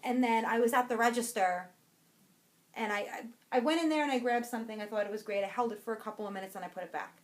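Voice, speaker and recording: A bubbly young woman with a fairly high voice talks through her purchases in a loose, rambling way. She restarts her sentences and trails off as her thoughts run ahead. It is relaxed podcast chat between friends. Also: quick pace. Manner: bubbly, rambling, self-interrupting. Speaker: podcast co-host. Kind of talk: casual chat about a yarn haul.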